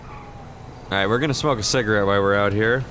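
A man's voice: lowish voice, very fast, a bit bright, a little hiss or hum. A young man playing a shop clerk in an online roleplay game, chatting casually, swearing now and then and drawling out his action emotes. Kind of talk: casual gameplay commentary and in-character chat.

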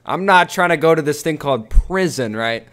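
A man's voice: a little high, expressive, normal speed, fairly bright tone. Crude, mocking young man. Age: young adult. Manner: crude, mocking, teasing banter. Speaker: video chat prankster. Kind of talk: casual chat.

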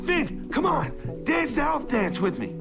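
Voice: high-pitched, sing-song, a little slow, creaky, over loud music, exaggerated voice. A performer voicing a laid-back talking magic dog in a cartoon, with an easygoing, drawling delivery. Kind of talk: cartoon voice acting.

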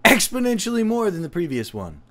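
A man's voice: sits high, huge pitch swings, brisk, heavy background noise. A tipsy man hosting a let's-play of a video game, rambling with profane, mocking jokes as he plays. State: tipsy from drinking. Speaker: host.

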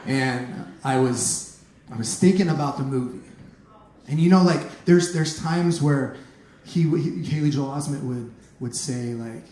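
A man performing a stand-up comedy set on a club stage, telling animated stories and shouting punchlines. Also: mid-range voice, a little slow. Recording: echoey room, noisy club.

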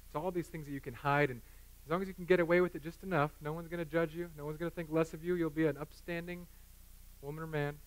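Bright-voiced, joking man preaching. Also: on the high side, quick pace. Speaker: pastor. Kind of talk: sermon. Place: church.

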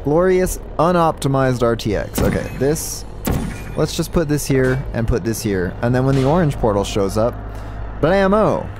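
A man streaming a puzzle game live, talking through it in an excitable, joking way and thinking aloud. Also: mid-range voice, moderate pace, noisy background. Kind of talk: live gameplay commentary.

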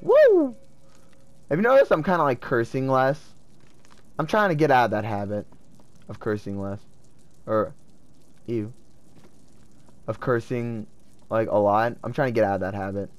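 A man giving casual gameplay commentary, excitable and swearing as he talks to himself. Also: medium pitch, moderate pace, long pauses. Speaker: let's play gamer.

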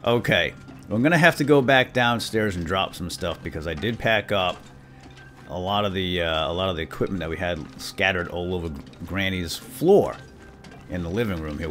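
A young man talking through a video game for his viewers, chatty and upbeat, with sudden loud excited exclamations. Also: deep voice, moderate pace. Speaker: gaming video host. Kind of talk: let's play commentary. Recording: soft game music behind.

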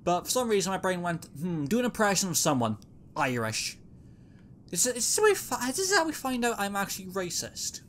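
A man's voice: high-pitched, a little fast, a little hiss or hum. Joking gamer narrating his play. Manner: joking, animated, exclamatory. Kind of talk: casual gameplay commentary.

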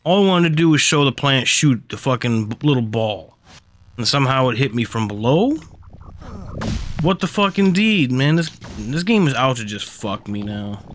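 A man's voice: medium pitch, animated, moderate pace. Grumbling, profane male game streamer. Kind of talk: casual live gameplay commentary.

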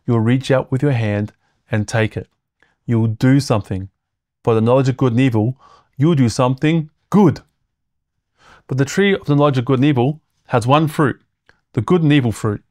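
A man's voice: mid-range voice, a little mellow, dry recording. Dry-sounding preacher man, conversational. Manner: conversational teaching, often checking in with "okay?"; reads scripture aloud and chuckles between points. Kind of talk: sermon.

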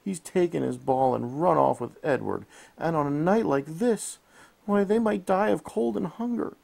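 A man's voice: big pitch swings, normal speed, creaky, a little mellow. A man voicing a remorseful young female cat in a bedtime storybook, speaking in a raised, emotional voice. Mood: distressed. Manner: high, emotional, pleading.

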